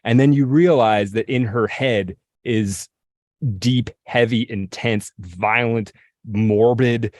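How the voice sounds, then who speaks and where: A man co-hosting a podcast, explaining poems in a lecturing way and reading verse aloud slowly, often clearing his throat. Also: mid-range voice, steady tone, darkish tone, dry recording, studio quality. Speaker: podcast co-host.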